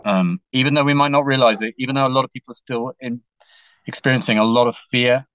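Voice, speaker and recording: English male musician, bright forceful voice, open and emotional, rambles and restarts, a touch lo-fi. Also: medium pitch, steady tone, quick pace, clean tone, no room sound. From England. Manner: rambling and emotional, with many restarts and casual swearing. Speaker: musician guest. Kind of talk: candid conversational storytelling.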